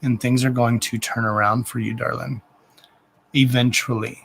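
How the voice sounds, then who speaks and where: Gentle emotional man doing card readings. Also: medium pitch, level tone, normal speed, creaky, noisy background. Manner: gentle, soothing, addresses viewer with endearments; repetitive, emotional, self-interrupting. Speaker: psychic reader giving oracle card readings. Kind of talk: live-stream card reading.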